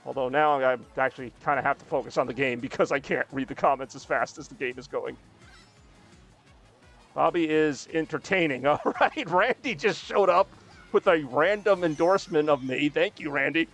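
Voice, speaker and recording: A man's voice: a little high, normal speed, fairly bright tone, soft background music. A man streaming a racing game, chatting casually with a rambling, self-deprecating, joking manner. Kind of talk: casual live-stream chat while playing.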